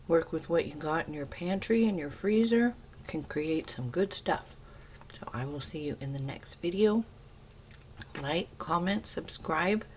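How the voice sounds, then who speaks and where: A woman's voice: lowish voice, a little hiss or hum. A middle-aged woman in her home kitchen, chatting homey and easy as she walks viewers through a simple recipe step by step. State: talking with her mouth full. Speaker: home cooking vlogger. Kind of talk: casual cooking demonstration.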